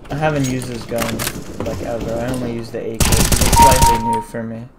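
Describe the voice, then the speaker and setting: A woman gamer giving casual commentary while playing, muttering in frustration with quick outbursts. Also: rumbling low, level tone, over loud music. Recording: loud game gunfire over voice. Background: gunfire and shots from the game.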